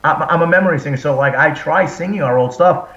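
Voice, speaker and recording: A man's voice: fairly high pitch, fast. A man who sings and fronts a metal band, chatting in an interview and telling stories with acted-out quotes. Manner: animated storyteller, acts out quotes. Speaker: band singer and frontman, guest. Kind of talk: casual interview chat. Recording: roomy, dull lo-fi sound.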